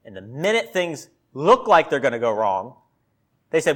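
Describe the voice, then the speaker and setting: A man's voice: mid-range voice, very animated, normal speed. A man preaching a sermon in a conversational way, acting out quotes with a sarcastic tone. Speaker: pastor.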